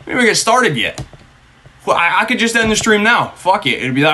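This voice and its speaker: A man's voice: high-pitched, sing-song, fast talker, slight background noise. Hyped young-sounding male streamer. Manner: hyped, shouty greetings, swears casually. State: out of breath. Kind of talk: live stream chat, thanking viewers.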